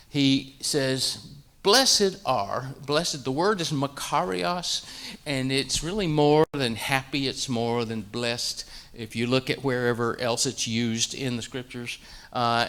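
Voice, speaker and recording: A man's voice: medium pitch, a bit bright. A man giving a Bible lesson, folksy and hesitant, full of fillers and chuckling asides. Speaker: Bible teacher. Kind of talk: sermon-style Bible teaching.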